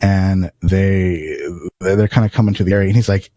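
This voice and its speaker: A man's voice: deep voice, normal speed, no room sound. A man telling a long story on a podcast in casual, profane talk, acting out what people said. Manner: animated, acts out quotes, swears often.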